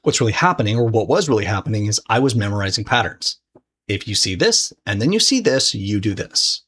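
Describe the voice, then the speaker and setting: A man's voice: fairly low pitch, big pitch swings, a little fast, fairly bright tone, husky. A man teaching a recorded course lesson in a casual, conversational way. He swears freely and restarts his sentences often. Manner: speaks directly to the viewer. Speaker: trading course instructor.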